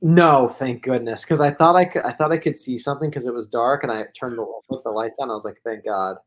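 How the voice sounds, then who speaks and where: Talking fairly quickly in a mid-range voice, the man co-hosting this podcast spins out a drawn-out casual story. It wanders, is full of "like" fillers, and he keeps laughing through it.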